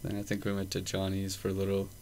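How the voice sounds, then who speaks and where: A man's voice: deep voice, monotone, fast, darkish tone. A young man hosting a podcast, telling a loose, profane story full of fillers in casual chat. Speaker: podcast host. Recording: faint background noise.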